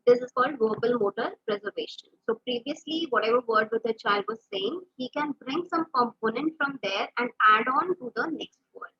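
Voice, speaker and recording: A woman's voice: a little high, animated, fairly quick, few pauses, breathy edge, dull audio. A woman speech therapist with an Indian English accent, explaining a speech disorder with examples and frequent fillers. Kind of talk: explanatory lesson.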